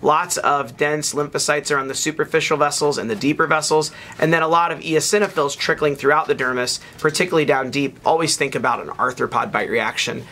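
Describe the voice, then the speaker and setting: Bright-voiced man narrating a pathology lesson. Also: fairly high pitch, a little fast, few pauses, a little hiss or hum. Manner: relaxed explaining with fillers and restarts. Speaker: pathologist teaching. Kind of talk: narrated microscope slide lecture.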